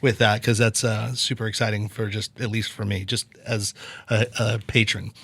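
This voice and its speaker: Animated storytelling man, dry studio. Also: normal speed, gravelly, breathy edge, no room sound. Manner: animated storyteller, swings pitch for quotes. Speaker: podcast host. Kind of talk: casual chat.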